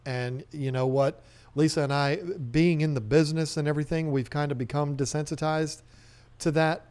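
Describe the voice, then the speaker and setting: A man hosts a live stream, reading viewer comments and riffing on them in a loose, joking way. He rambles and restarts his sentences as he goes. His voice sits a little high for a man. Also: steady tone, moderate pace, a little mellow, smooth.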